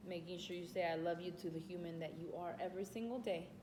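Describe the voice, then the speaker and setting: A woman's voice: lowish voice, fast talker, background noise. A woman chatting casually about self-growth, retelling classroom exchanges and calling listeners honey. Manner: retells classroom exchanges and talks to her dog; calls listeners honey and baby. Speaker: vlogger. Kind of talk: casual self-help talk. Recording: echoey room.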